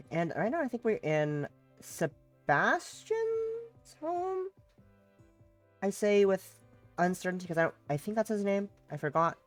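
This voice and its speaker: A woman's voice: medium pitch, very animated, measured pace, pauses often, soft background music. A woman streamer with a sick voice, chatting casually and playfully with many fillers while playing a visual novel. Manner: rambling, playful, filler-heavy. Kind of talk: casual let's-play chat.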